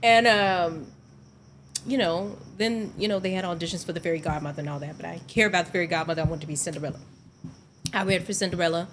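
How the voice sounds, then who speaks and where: A woman guest on a podcast, telling stories in a lively, laughing way during a casual chat. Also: fairly low pitch, fast, slight background noise. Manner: animated storyteller, laughs often. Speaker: guest actress. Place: podcast studio.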